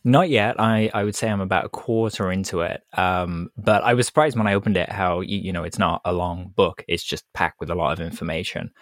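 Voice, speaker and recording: A man co-hosting a podcast, talking in a relaxed, halting way with many restarts. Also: low voice, no room sound, studio quality. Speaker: podcast co-host. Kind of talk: casual podcast chat.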